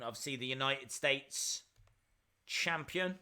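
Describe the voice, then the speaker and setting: A man's voice: a little high, animated, measured pace, pushed and bright. A man hosting a live reaction stream, chatting and answering viewer questions as they come in.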